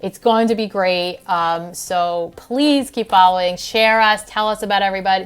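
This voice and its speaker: A woman's voice: mid-range voice, fairly even intonation, normal speed, smooth. A woman hosting a health podcast, talking in a casual, earnest and heartfelt way with fillers and restarts. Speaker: podcast host and functional health practitioner.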